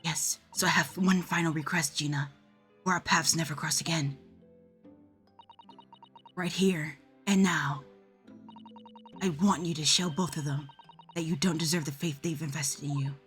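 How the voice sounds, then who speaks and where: A woman voicing a polite, earnest young female legal assistant in a low, soft, formal tone while reading game dialogue. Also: fairly even intonation, measured pace, long pauses, faint music behind. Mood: solemn.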